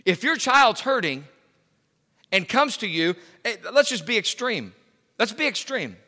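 Middle-aged guy preaching in a church, high bright voice, long hall echo, goes loud then quiet. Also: very animated, measured pace. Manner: emphatic, voice swinging from loud to hushed. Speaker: pastor. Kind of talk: sermon.

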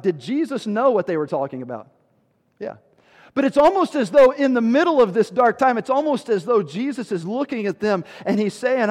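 Male pastor, high voice, emphatic sermon delivery in a church with long reverb. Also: lively intonation, quick pace, darkish tone. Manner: emphatic, with rhetorical questions and sudden drops in volume.

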